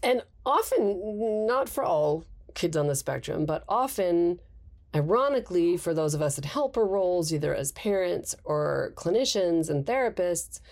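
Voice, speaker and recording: A woman's voice: lowish voice, animated, a little slow, a little mellow. A woman guest psychologist explaining thoughtfully in conversation, with light laughs. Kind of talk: conversational expert interview.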